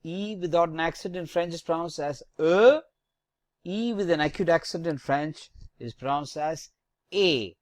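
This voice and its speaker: A teacher giving a slow pronunciation lesson on the French alphabet and accents, saying letters one at a time with corrective tips. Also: medium pitch, dry recording.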